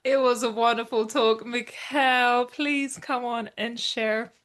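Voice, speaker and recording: A woman's voice: fairly high pitch, fairly even intonation, takes it slowly, a bit bright. Enthusiastic woman announcing an award. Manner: enthusiastic and affirming. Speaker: awards ceremony host. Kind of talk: online awards presentation.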